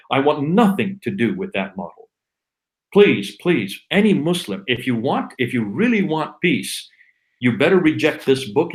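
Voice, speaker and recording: A man preaching with fervor on a livestream, driving his points home through repeated phrases. His pitch swings widely, climbing high on the exhortations and dropping low on the quieter lines. The delivery is urgent and exhorting throughout. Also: low-quality recording. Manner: repetitive emphatic refrains; fervent, exhorting. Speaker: livestream co-host, Christian apologist. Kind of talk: impassioned preaching monologue.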